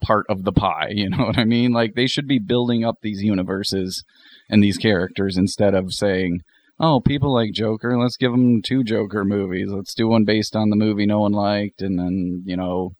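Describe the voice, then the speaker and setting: A man's voice: fairly low pitch, fairly even intonation, normal speed, a little mellow. Rambling male podcast co-host. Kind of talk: casual chat.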